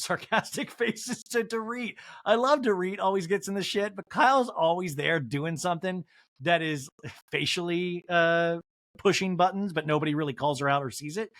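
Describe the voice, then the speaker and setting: A man's voice: fairly high pitch, no echo, studio quality. A man hosting a podcast and recapping a reality show with comic, gossipy asides. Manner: animated, gossipy, many fillers. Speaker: podcast host. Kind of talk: comedic TV recap.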